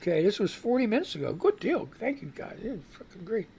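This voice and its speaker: A man's voice: high voice, big pitch swings, fast talker, creaky, mellow, slight background noise. Rambling male radio host. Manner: rambling, reads headlines aloud and reacts with outbursts. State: fighting a cough. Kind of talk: casual live news commentary.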